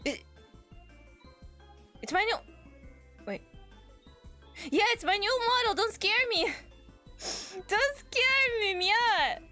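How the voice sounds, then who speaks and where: Female streamer, shrieky and giggly, wildly swooping high voice, unhurried. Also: lively intonation, bright, forceful tone, faint music behind. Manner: shrieking, laughing, frantic repetition. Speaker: VTuber streamer. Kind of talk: excited live-stream chat. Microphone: desk microphone.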